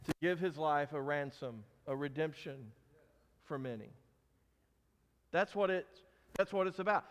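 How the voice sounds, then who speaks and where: High-voiced man preaching in an echoing hall. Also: unhurried. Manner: emphatic, asks the congregation questions. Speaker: pastor. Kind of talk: sermon.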